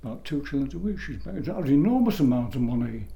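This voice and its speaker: Older english guy, mellow low-key voice, rambling through old memories. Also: big pitch swings, fast, creaky, muffled recording. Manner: rambling, self-correcting storyteller. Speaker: interviewee recalling his youth. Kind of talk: oral history reminiscence.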